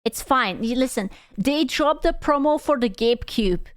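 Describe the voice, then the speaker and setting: A woman streamer reacting to a video in casual, excitable commentary, full of exclamations and swearing. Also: high-pitched, moderate pace, dry recording, clean studio sound.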